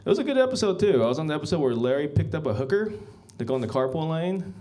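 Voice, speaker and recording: A man doing a stand-up set on a club stage, telling rambling, deadpan stories full of ums and asides to the crowd. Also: on the high side, very fast, soft background music. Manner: rambling deadpan storytelling with many ums, often says "guys". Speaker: stand-up comedian.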